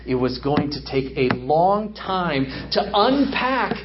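Animated male missionary preaching, echoey hall. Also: on the high side, takes it slowly. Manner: animated, acts out dialogue. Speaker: missionary guest speaker. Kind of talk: storytelling sermon. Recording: echoey hall from far off, dull.

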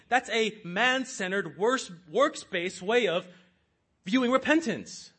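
A man's voice: sits high, lively intonation, unhurried, sharp tone, slightly rough. A man preaching a sermon in an earnest, rhetorical way, calling his listeners saints.

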